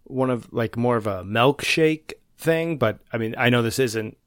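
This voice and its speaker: A man's voice: medium pitch, measured pace, dry recording, studio quality. A man co-hosting a casual podcast, easygoing and full of hedges as he reviews a beer. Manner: easygoing, hedging with fillers. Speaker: podcast co-host. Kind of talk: casual chat.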